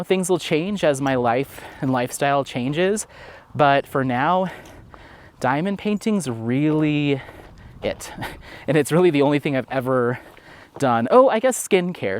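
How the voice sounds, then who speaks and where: A man chatting casually in a walking vlog outdoors, rambling with many fillers. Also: medium pitch. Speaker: vlogger. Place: outdoors at a dog park.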